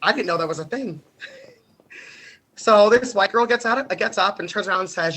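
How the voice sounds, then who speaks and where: A man's voice: sits high, normal speed, pushed and bright, rough recording. A young man from the United States telling stories animatedly on a podcast, laughing often and swearing freely. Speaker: podcast guest. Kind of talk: casual storytelling.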